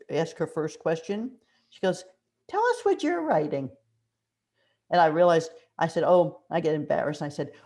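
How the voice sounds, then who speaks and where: An older woman, a mystery author, telling animated anecdotes in an interview and acting out the quotes in them. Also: sits low. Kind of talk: conversational storytelling interview.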